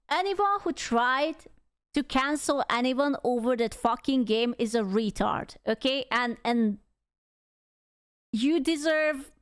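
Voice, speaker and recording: A woman's voice: high-pitched, clean tone. A woman streamer giving casual reaction commentary, ranting in a heated, profane way because she is upset. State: angry and upset.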